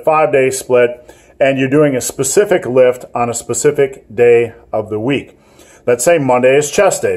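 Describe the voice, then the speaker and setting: A fitness channel host gives gym advice in a rambling, jokey manner, often poking fun at himself. His voice is medium-pitched with a darkish tone.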